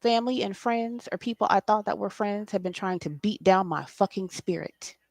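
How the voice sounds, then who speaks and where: A woman's voice: medium pitch, moderate pace, a little mellow, no room sound, clean studio sound. A woman, hosting a spiritual late-night talk in an impassioned, preachy way and swearing freely. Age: 40s. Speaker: spiritual host.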